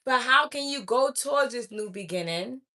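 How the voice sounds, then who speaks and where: A woman with a bright, somewhat high voice delivers a spiritual message to her viewers. She is blunt and preachy, admonishing them and driving her points home through repetition. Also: lively intonation, moderate pace. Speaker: spiritual oracle reader. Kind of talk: direct-to-camera spiritual message.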